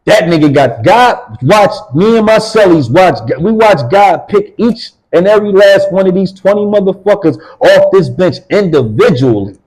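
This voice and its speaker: A man's voice: high-pitched, lively intonation, moderate pace, few pauses, a little mellow, poor audio. A middle-aged man, an interview guest, telling a rambling, profane story in casual talk. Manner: profane, rambling, acts out others' voices.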